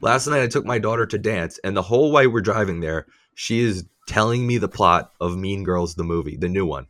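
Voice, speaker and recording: A man's voice: low voice, lively intonation, brisk, fairly bright tone, no echo, studio quality. A man in his thirties, a podcast co-host and father, telling family stories in casual chat with plenty of laughter and swearing.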